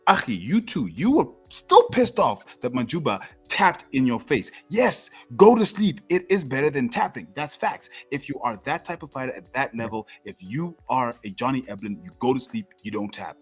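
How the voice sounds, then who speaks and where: A man with a husky voice argues fighters and styles on a casual MMA podcast, laughing between points. His pitch jumps around animatedly as he makes his case, over faint background music. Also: sing-song, normal speed, hardly any pauses. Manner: argumentative, laughs often. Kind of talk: casual sports debate.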